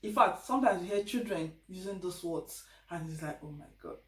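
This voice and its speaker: A Nigerian woman talks straight to her viewers in a chatty, lively way, slipping into little voices when she quotes people. She sits some way back from the mic, so her voice carries the echo of the room around her. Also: fairly low pitch, moderate pace. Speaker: vlogger. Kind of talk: casual advice vlog. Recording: echoey room, distant mic.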